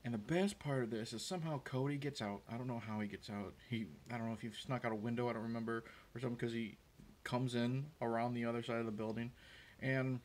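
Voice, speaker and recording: A man's voice: medium pitch, steady tone, quick pace, darkish tone. A man hosting a show, casually recapping a movie scene in a rambling, hesitant way with many fillers and restarts. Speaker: host. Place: room with a window.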